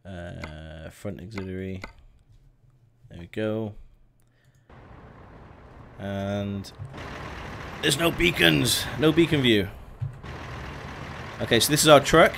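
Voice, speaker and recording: A man's voice: on the low side, slow, vocal fry, long pauses. A young man chatting casually as he streams a driving game, greeting viewers by name and talking through each step. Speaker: gaming streamer. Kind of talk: casual live-stream commentary. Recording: faint truck engine noise behind.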